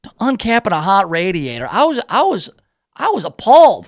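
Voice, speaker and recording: Male talk radio host with a high pitch, dry close mic; rambling, self-deprecating storyteller. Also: sing-song, brisk, no room sound. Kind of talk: casual talk radio monologue.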